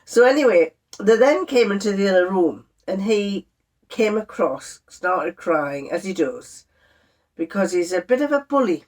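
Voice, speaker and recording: An older woman, chatting to camera in a sewing vlog, telling an exasperated family story with lively quoted voices. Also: medium pitch, measured pace. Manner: chatty, exasperated, animated when quoting others. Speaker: sewing vlogger.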